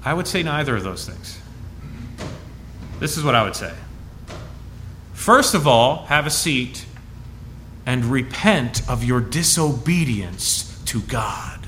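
A man preaching as pastor, reading scripture with emphasis and dropping to soft, low asides in a conversational way. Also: big pitch swings, slow pace, pauses often, slight background noise. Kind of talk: sermon.

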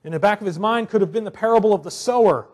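Husky-voiced male preacher, conversational. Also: sits high, fast, darkish tone. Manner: conversational preaching, acts out quotes, often asks "right?". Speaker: pastor. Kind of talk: sermon.

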